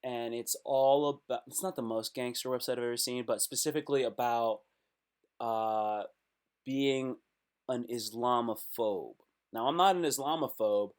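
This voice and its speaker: Man, live streamer, casual commentary, slangy, reacts out loud, mid-pitched voice. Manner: slangy, reacting aloud to web posts.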